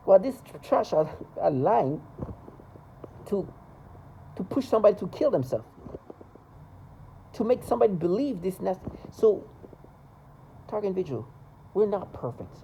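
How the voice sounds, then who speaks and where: A man's voice: high-pitched, moderate pace, warm tone, slight background noise, rough recording. A man talking to camera in a rambling, agitated monologue, repeating himself and stumbling over restarts.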